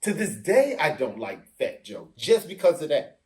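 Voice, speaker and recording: Animated man telling stories in casual chat. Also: on the high side, moderate pace. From Africa. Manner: animated storyteller, acts out quoted voices. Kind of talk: casual discussion.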